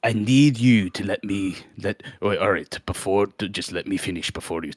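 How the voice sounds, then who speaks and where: A man's voice: sits low, no echo, clean studio sound. A man doing a polite dwarf adventurer. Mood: courteous. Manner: polite, halting. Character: male dwarf adventurer, polite and smooth-talking.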